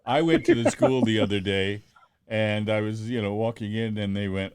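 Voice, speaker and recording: A middle-aged man hosting a podcast, talking with effusive warmth and stammering restarts. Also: lowish voice, sing-song, normal speed, smooth, no room sound. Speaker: podcast host. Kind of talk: warm casual phone interview.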